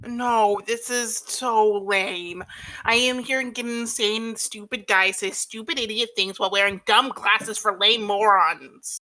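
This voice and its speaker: A woman's voice: medium pitch, measured pace, bright, forceful tone, rough recording. A woman reading the lines of a cheerful, bubbly teenage girl during a comic read-through with friends. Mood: chipper. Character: cheerful dreamy teen girl Jade.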